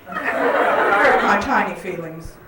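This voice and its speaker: A woman doing a stand-up comedy set, animated and jokey, in a comedy club with an audience. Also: mid-range voice, takes it slowly, very noisy. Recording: echoey club from far off, loud crowd. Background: audience laughter.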